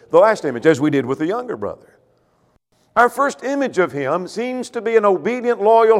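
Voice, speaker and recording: A man delivering a sermon in a somewhat high voice that swings widely in pitch. He pushes loud on key phrases and drops low on asides, often asking the listeners questions. The sound rings with the long reverb of a large hall. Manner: rising and falling emphatic preaching, rhetorical questions. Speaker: preacher.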